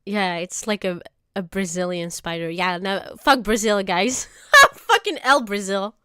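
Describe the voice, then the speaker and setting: A woman streamer in casual reaction chat, profane and exaggerated, quick to laugh. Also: mid-range voice, animated, sharp tone, clean tone, no echo, clean studio sound.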